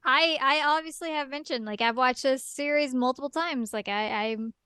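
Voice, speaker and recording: Female co-host, chatty and casual, smooth tone, dry sound. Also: high voice, moderate pace, pushed and bright, no room sound. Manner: chatty, full of fillers like "like" and "um". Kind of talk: casual chat.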